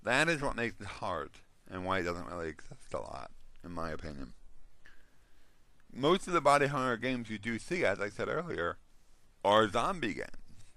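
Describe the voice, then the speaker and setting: Low, bright-voiced man rambling about games. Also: big pitch swings, moderate pace, no room sound. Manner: rambling, with restarts and yawns. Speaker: host. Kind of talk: casual monologue on role-playing games.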